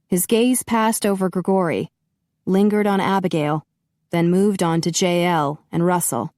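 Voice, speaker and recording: Low-voiced woman narrating an audiobook. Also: steady tone, a little slow, a little mellow, no echo, studio quality. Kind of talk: scripted narration.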